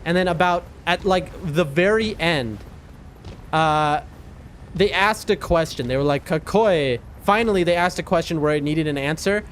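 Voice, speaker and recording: A man's voice: fairly high pitch, moderate pace, fairly bright tone, slight background noise. A man chatting casually as a game streamer, telling a rambling story and reacting to his gameplay with frequent laughs and restarts.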